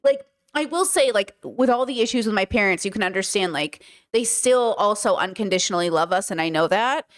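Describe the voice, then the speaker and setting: A young woman hosting a live stream, chatting casually and telling family stories with lively acted-out quotes. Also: medium pitch, brisk. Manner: animated storyteller, acts out family members' lines. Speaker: streamer host.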